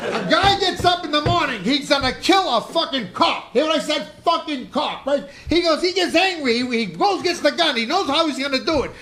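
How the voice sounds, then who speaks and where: Talking fairly quickly with hardly any pauses, this middle-aged man has a very high voice that echoes in the reverberant room. A former boxer and podcast guest, he performs profane live stories on a club stage, animated and voicing the characters, in a noisy live recording.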